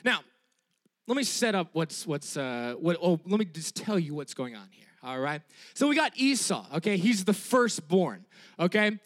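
A man with a high-pitched voice preaches a lively sermon. He talks in an emphatic, conversational way, repeating his key phrases for weight. He keeps checking in with his listeners by tagging "all right?" onto his sentences. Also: moderate pace.

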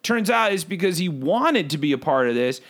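A man's voice: fairly high pitch, very animated, normal speed, fairly bright tone. A man voicing a bored, hyper male bird who hosts a podcast, rambling in goofy self-talking asides. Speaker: podcast host. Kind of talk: comedic character podcast. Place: home recording booth.

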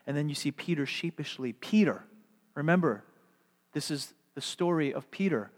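A man preaching a sermon, asking rhetorical questions and swinging from emphatic to hushed delivery. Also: on the high side, expressive, moderate pace, big-room sound.

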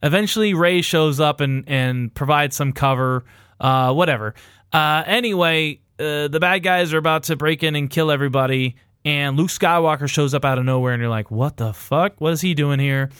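Rambling, irreverent man with a clear voice. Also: fairly high pitch, moderate pace, fairly bright tone, no room sound, studio quality. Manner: rambling, irreverent, laughs often. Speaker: podcast host recapping a film. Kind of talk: casual profane chat.

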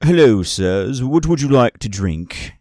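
A man's voice: mid-range voice, big pitch swings, unhurried, dark tone, no echo, clean studio sound, pitched above the performer's own voice. A man voicing a stiffly polite male train bartender who calls everyone sir, during a tabletop game. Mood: prim politeness. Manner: formal, deferential, says sir after every line. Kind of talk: tabletop role-play voice.

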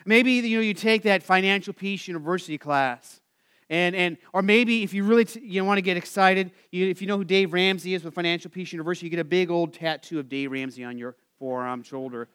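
A male pastor preaching a sermon, asking the congregation to answer back, rising animated and then dropping soft at phrase ends. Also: sits high, a little fast, clean tone. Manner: asks the congregation for call-and-response answers.

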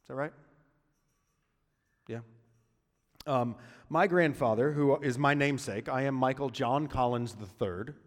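A man's voice: medium pitch, a little slow, pauses often, big-room sound. A man preaching a sermon in a conversational way, with joking asides between points. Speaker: pastor.

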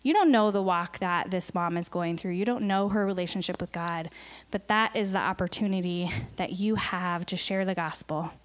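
A woman's voice: on the low side, normal speed. Woman, missionary speaker, church talk, earnest, emotional, fillers.

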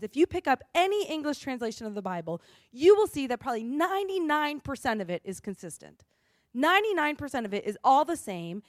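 High-voiced woman giving a chatty sermon. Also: no echo, studio quality. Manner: chatty, explanatory, asks "right?" often. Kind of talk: conversational sermon teaching.

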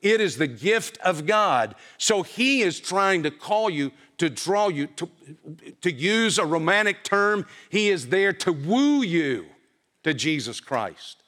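A man's voice: high-pitched, very animated, takes it slowly, fairly bright tone. A man preaching a sermon to a congregation, emphatic and full of rhetorical questions. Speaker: pastor. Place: church.

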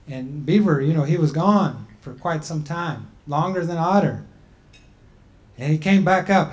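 A man giving a talk and telling a traditional creation story in a measured, deliberate way with frequent pauses. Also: on the high side, a little mellow. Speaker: speaker.

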